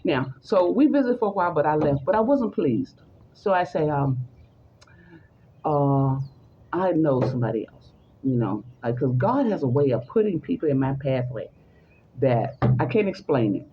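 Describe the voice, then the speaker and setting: A woman's voice: low voice, normal speed, highs cut off, a little hiss or hum. A woman telling a personal story in conversation, acting out the voices of the people in it. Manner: animated, acts out the voices in her story.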